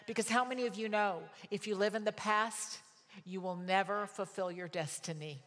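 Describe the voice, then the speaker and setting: A woman's voice: medium pitch, fairly even intonation, normal speed, a bit bright. A woman preaching a sermon, telling stories emphatically and repeating words for stress. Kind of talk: sermon with personal storytelling. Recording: long hall reverb.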